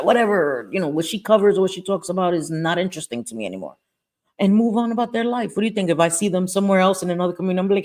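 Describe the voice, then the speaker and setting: A woman's voice: fairly low pitch, lively intonation, brisk. A woman hosting a casual livestream chat, talking bluntly and swearing freely, repeating herself and laughing often as she talks into her webcam microphone. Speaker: livestream host. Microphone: webcam or computer mic.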